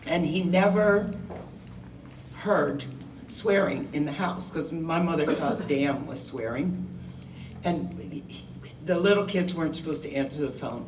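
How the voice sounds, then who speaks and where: An older woman with a deep voice speaks unhurriedly to a school class as a guest speaker, telling her own story in a candid, wry, conversational way. The distant mic gives a roomy sound, and there is background noise.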